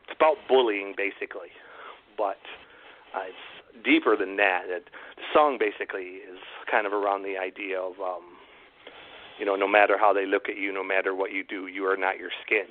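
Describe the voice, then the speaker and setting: A man's voice: on the low side, a little hiss or hum. A man hosting an online radio show, chatting casually and rambling with many fillers. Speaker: radio host. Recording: tinny phone-like audio.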